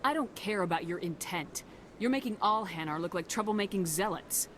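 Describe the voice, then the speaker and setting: A woman's voice: medium pitch, lively intonation, a little fast, a bit bright, a little hiss or hum, close to an everyday voice. A woman voicing a blunt, tough space commander. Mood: scornful. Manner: harsh and blunt.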